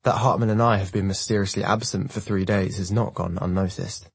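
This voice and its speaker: Man narrating a novel in first person, low and husky, dry close sound. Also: steady tone, brisk, no room sound. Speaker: audiobook narrator. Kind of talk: scripted narration.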